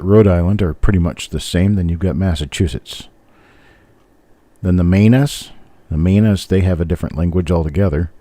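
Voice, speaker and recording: A man's voice: low voice, dark tone, no room sound. An older man with a general American accent, hosting a live stream and chatting casually with viewers in a rambling, easygoing way. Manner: rambling, easygoing, chuckles often. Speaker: host of a live coin roll hunt stream.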